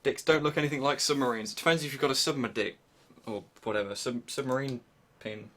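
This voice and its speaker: A man's voice: medium pitch, fairly even intonation, fast, fairly bright tone. A young man live streaming while he builds something, chatting casually with crude, self-deprecating jokes and muttering to himself as he works.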